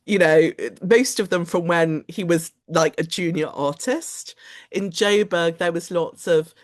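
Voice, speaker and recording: A woman giving a lecture in a chatty, animated storytelling manner, often quoting other people's voices. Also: lowish voice, a little slow. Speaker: guest lecturer. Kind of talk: lecture to a study group.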